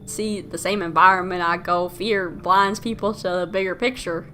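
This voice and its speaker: Girl streamer doing a loud cocky aussie drifter guy, menacing, bright voice. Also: on the low side, steady tone, normal speed, soft background music. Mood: smug. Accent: put-on Australian. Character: swaggering rough Australian drifter man, menacing. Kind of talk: game character reading.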